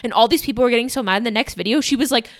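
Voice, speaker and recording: A woman's voice: on the high side, very fast, dry recording, studio quality. A woman co-hosting a podcast, chatting casually with frequent "like" and laughter. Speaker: podcast co-host. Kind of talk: casual chat.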